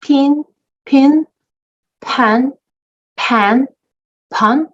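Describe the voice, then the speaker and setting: A woman's voice: sits high, lo-fi sound. A woman student in an online English class, asking questions and repeating words hesitantly over a video call. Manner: hesitant, slow, careful repetition. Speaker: ESL student. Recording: distant mic on a call.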